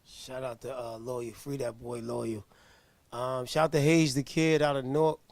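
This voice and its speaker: A man hosting a live music review show, talking in a hyped, slangy way and giving shout-outs. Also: mid-range voice, little pitch movement, normal speed, dry recording.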